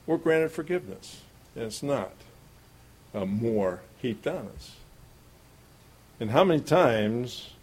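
A man's voice: medium pitch, a little mellow, slightly rough. A middle-aged man preaching a sermon, telling a homespun childhood story in a folksy way and chuckling often.

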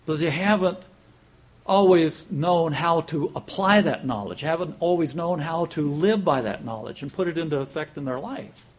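A man with a slightly husky, fairly high voice delivers a relaxed, conversational sermon. He chuckles at his own jokes and often stumbles over repeated words. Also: normal speed. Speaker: preacher.

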